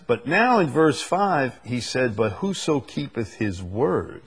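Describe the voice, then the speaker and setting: A man teaching through Bible verses to a small group, earnest and repeating key phrases, reading scripture slowly. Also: mid-range voice, sing-song, breathy edge. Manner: speaks to a live group.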